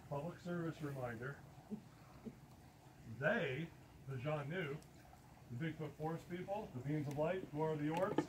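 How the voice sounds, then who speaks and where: A man's voice: on the high side, a little hiss or hum. Earnest, emphatic man giving a talk. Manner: earnest, emphatic, repeats for stress. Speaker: presenter. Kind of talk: talk to an audience.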